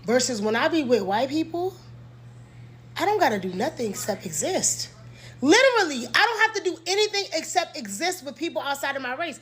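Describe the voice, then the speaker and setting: Young woman, high-pitched, blunt, emphatic, repeats herself, candid monologue at home. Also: big pitch swings, fairly quick, fairly bright tone. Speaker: content creator.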